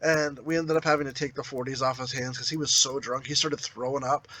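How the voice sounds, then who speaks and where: A man's voice: medium pitch, flat delivery, brisk, sharp tone, rough recording. A man co-hosting a podcast, telling rambling party anecdotes with frequent restarts. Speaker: podcast co-host. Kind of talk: casual storytelling.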